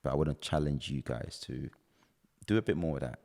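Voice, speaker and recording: A man's voice: rumbling low, expressive, brisk, vocal fry, darkish tone. A man hosting a podcast, talking in an earnest, reflective way. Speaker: podcast host. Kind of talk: casual chat. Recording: reverberant room.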